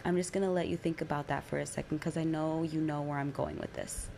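A woman's voice: sits low, fairly even intonation, quick pace, creaky, warm tone, slight background noise. A young woman and mother telling a personal story in a casual, candid way, swearing freely and using lots of fillers.

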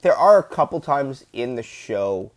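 A man's voice: medium pitch, very animated, a little slow, dry recording. A man rambling in casual, enthusiastic fan commentary, gushing and swearing freely.

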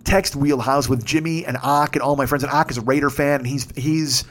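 A man's voice: medium pitch, steady tone, brisk, fairly bright tone. A man in his fifties telling a rambling, profane story in a casual rant, getting more and more worked up. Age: 50s. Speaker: podcast host.

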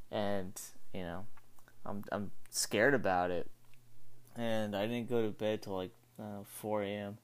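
A man's voice: fairly low pitch, fairly even intonation, unhurried, clear, resonant tone. A man casually telling a spooky personal story in a rambling way, full of "like" and restarts. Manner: spooked, breathless retelling. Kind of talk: casual spoken story monologue.

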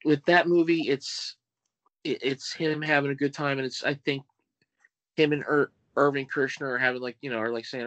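A man guesting on a film podcast, talking deliberately and reeling off cast names and film facts. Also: medium pitch, steady tone, a bit bright, dry recording, rough recording. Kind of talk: casual film chat.

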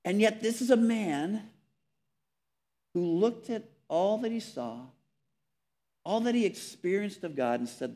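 Earnest male preacher, slightly high voice. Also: expressive, measured pace, pauses often. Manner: earnest, emphatic, with repeated words and soft drops on key phrases. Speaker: pastor. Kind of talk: sermon.

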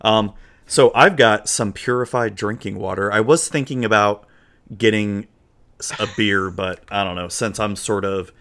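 A man from Florida co-hosting a casual podcast, relaxed and joking as he rambles. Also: fairly low pitch, normal speed. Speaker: podcast co-host. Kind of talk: casual chat.

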